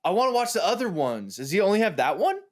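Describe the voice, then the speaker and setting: A man's voice: high-pitched, sing-song, fast talker. A man co-hosting a casual gaming chat, eager and curious. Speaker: co-host reacting to a video.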